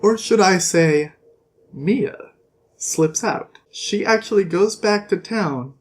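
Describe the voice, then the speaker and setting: A book reviewer casually recapping a novel's ending, animated, swearing freely, and breaking into shrill bursts.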